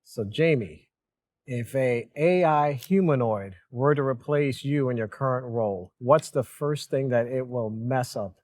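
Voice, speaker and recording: A man's voice: medium pitch, unhurried, darkish tone. A middle-aged man with a mid-range voice talks casually as a company president. He keeps a dry, self-mocking humor throughout. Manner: dry humor, laughs at himself. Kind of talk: casual on-camera chat.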